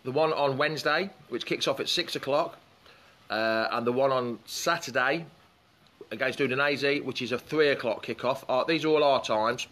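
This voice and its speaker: A fan show host runs a casual live stream outdoors beside a swimming pool, chatting loosely and greeting viewers by name as their comments arrive. He has a medium-pitched, fairly bright voice at a moderate pace, picked up by a phone or camera set up by the pool.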